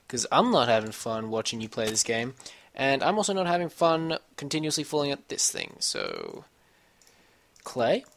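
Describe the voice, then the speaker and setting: A man narrates a casual let's-play from a home computer room, rambling, swearing often, and talking to himself during play. His medium-pitched voice is gravelly and fairly bright, with huge pitch swings at a moderate pace.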